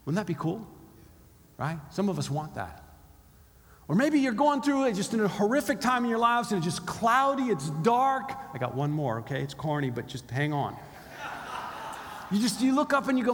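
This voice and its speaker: Guy preaching a sermon, bit high voice, chatty, acts out what people think, big echoey hall. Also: lively intonation, moderate pace, fairly bright tone. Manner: conversational, acts out inner voices. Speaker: pastor. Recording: long hall reverb.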